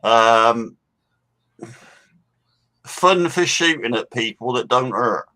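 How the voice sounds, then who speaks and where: Bright-voiced Somerset man, laid-back. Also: medium pitch, expressive, takes it slowly. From Somerset, England. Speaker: panel guest. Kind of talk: casual live stream chat.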